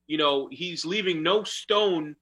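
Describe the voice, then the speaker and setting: A man's voice: a little high, slow, fairly bright tone, a little hiss or hum, rough recording. A man co-hosting a casual sports talk show, joking around with corny dad jokes. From New York. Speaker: podcast co-host.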